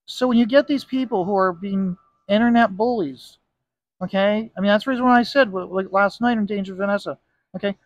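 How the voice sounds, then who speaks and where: At a bar, a comic book inker and video host rants through a casual monologue vlog, repeatedly tossing in "okay?" to hammer his points home. His voice is fairly high for a man and fairly quick. The audio is dry with no room sound, and the highs are cut off.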